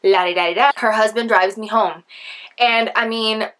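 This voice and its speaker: A young woman vlogger telling a story casually, chatty and animated, with lots of filler words. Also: a little high, unhurried. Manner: chatty, animated, acts out quoted voices; heavy use of filler like.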